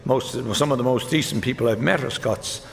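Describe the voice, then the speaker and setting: An Irish stand-up comedian delivers one-liner golf jokes on stage, deadpan, switching quickly between characters. His mid-range voice has vocal fry. The live show was recorded in a reverberant hall, with audience noise and laughter.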